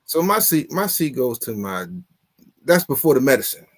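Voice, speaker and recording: A man on a casual talk show, telling a story in an animated, exasperated way and swearing often. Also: mid-range voice, normal speed, a crowd in the background. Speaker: podcast co-host.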